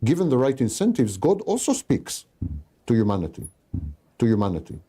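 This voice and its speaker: Didactic man with a dark, husky voice. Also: mid-range voice, huge pitch swings, fairly quick. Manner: didactic, emphatic, repeats key phrases. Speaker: lecturer. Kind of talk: recorded talk.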